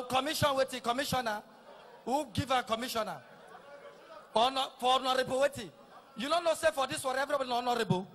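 A middle-aged Nigerian man with a Nigerian Pidgin accent, doing a teasing stand-up routine that repeats lines and shouts punchlines. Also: very high voice. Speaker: stand-up comedian. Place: live comedy stage.

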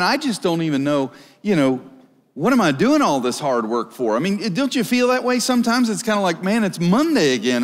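A male pastor preaching a sermon, lively and acting out little scenes, sometimes dropping to a murmur. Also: sits high, big-room sound. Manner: animated preaching with acted-out quotes and dropping to a murmur. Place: large church auditorium.

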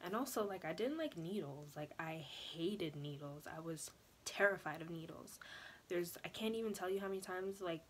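A young woman vlogger telling a personal story in a chatty, animated way, full of "like" and "you know". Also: fairly low pitch, moderate pace, slight background noise. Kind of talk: casual storytelling vlog.

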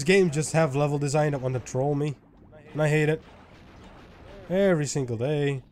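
A man giving let's play commentary who swears a lot and swings from loud frustrated yelling to low muttering. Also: normal speed, long pauses. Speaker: gaming YouTuber.

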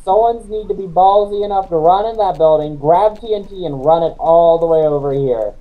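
On tinny audio, a man with a narrow, somewhat high voice talks a little fast while guiding friends through a co-op game. His casual directions are directive but scattered, and he laughs often.

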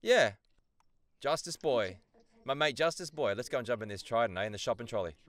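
A man's voice: mid-range voice, fairly quick. A man, a voice actor bantering playfully with strangers during a video game. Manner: playful, excitable banter with loud outbursts. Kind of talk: casual gaming voice chat.

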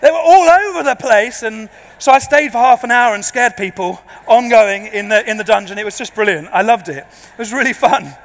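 A man, a pastor preaching to a congregation, an animated and self-deprecating storyteller. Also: high-pitched, fairly quick. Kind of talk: sermon with humorous storytelling. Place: large church before a congregation. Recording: long reverb of a large church.

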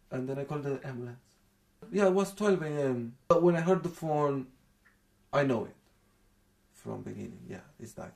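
A young adult man from Romania tells a personal story in an interview, speaking broken English with a Romanian accent. His voice is soft, halting, medium in pitch, and creaky.

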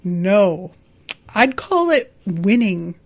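A woman reading aloud as a dry, amused older male officer who hands out wry, unhurried advice. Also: medium pitch, sing-song, voice pushed down, heavily acted.

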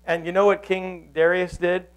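A man's voice: high voice, little pitch movement, normal speed, poor audio. A pastor preaching a sermon, telling a story earnestly and often restarting his sentences.

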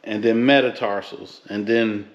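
A man's voice: on the low side, fairly even intonation, unhurried, gravelly, echoey room, dull audio. A man from the Philadelphia–New York area chatting casually in an unboxing vlog, rambling and joking in slang as he reviews sneakers.

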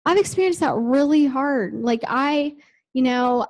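High-voiced chatty woman preaching. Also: unhurried, darkish tone, low-quality recording. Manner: chatty, lots of "like" and "you know". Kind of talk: conversational sermon. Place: church.

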